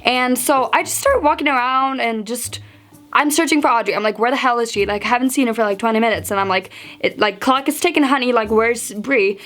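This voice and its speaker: A teenage girl tells a storytime vlog in a bright, high voice, chatty and animated. She peppers every sentence with fillers and jumps into acted-out quotes of herself and friends. Soft music plays faintly behind her. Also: fast talker. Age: teens. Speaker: vlogger.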